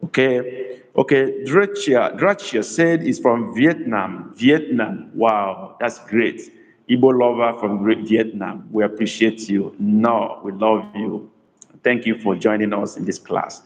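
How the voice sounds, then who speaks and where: A man teaching a live online language lesson, slowly repeating sentences and reading out viewers' comments. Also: lowish voice, in a large hall, rough recording. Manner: slow, deliberate repetition of sentences. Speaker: language tutor.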